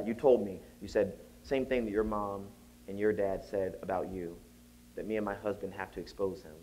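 A man giving a storytelling keynote at a conference, acting out the people in his story and rising to high exclaims. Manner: animated, acts out voices, rises to high exclaims. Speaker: keynote speaker. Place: conference hall.

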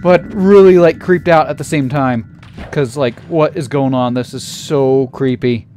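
A man narrating a scary game playthrough in a theatrical way, dropping to a hush and then shouting in panic. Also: medium pitch, fairly even intonation, a little slow, slight background noise. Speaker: let's player. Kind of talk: acted creepypasta gameplay narration.

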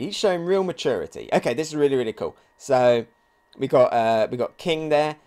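A man hosting a live comic reaction video, reading pages aloud and thinking out loud with excitement. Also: mid-range voice, fairly quick, smooth. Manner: excitable, thinks aloud, reads quotes along. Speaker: manga reaction video host.

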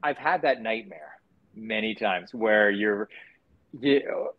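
A man's voice: fairly low pitch, takes it slowly. Candid man chatting, slightly muffled sound. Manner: relaxed and candid, with frequent restarts and acted-out quotes. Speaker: actor, guest. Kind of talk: casual interview chat.

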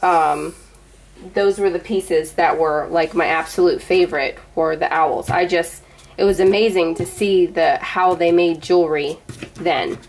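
A woman's voice: lowish voice, steady tone, unhurried, rough recording. Chatty woman gushing over craft goodies. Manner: chatty, gushing, rambling with many fillers. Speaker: vlogger showing a gift box. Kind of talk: casual show-and-tell unboxing.

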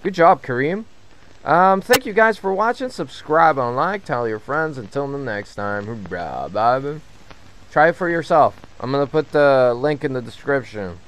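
A man giving casual commentary while playing a horror game, swearing a lot and getting jumpy and loud when something startles him. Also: a little high, lively intonation, normal speed, clear, resonant tone, rough recording. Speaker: gamer and channel host. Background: game music.

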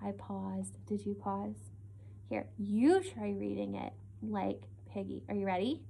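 A young adult woman teacher giving a reading lesson to young children, expressive and encouraging, checking in with little questions. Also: medium pitch, a little slow, vocal fry, slight background noise.

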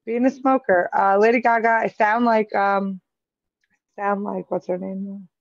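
A woman with a raspy, gravelly, smoky voice and a Long Island accent, co-hosting a casual chat and laughing often. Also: mid-range voice, steady tone, measured pace, no echo, highs cut off. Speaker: podcast co-host.

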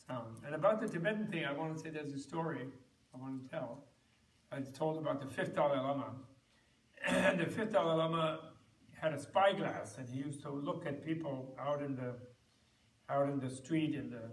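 A man teaching at a meditation retreat, telling stories in a rambling, halting way with many restarts. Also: medium pitch, slight background noise. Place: retreat center hall. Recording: roomy hall, recorded from far off.

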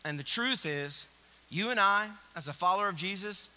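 A man preaching a sermon as pastor, dropping to a hushed near-whisper and rising to loud, urgent exhortation, in a church. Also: sits high, brisk, low-quality recording. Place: church sanctuary.

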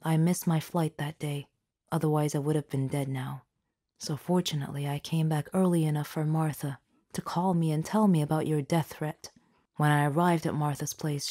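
A woman voicing a stern, angry father who is confronting his children, read in her own narrating voice in an animated storybook. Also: deep voice.

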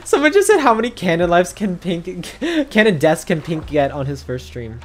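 Excitable streamer with a lively voice. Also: male voice, sits high, faint music behind. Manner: excitable, gasping, quick to panic. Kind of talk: casual gaming chat.

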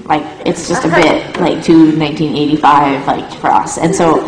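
A woman's voice: sits low, steady tone, normal speed. A young adult woman musician telling a rambling tour story in casual chat, with lots of "like" and "um". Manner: rambling, full of "like" and "um", laughing at her own story. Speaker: touring musician. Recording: echoey room.

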